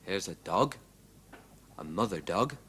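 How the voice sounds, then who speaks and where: A man presenting a children's show, gently naming mother animals and their babies for young children. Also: low-pitched, expressive. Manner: slow, gentle, clear explaining.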